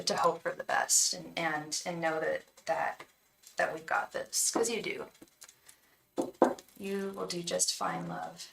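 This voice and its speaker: A bright, sharp-toned woman chats to her live viewers as a tarot reader. She sounds warm toward them and full of fillers and repeats. She sits some way from the mic, and the room adds an echo to her voice. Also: on the low side, gravelly, recorded from a distance. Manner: chatty and encouraging, repeats words, many fillers. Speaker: tarot reader and psychic on a livestream. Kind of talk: casual chat to live viewers. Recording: roomy echo, voice away from the mic.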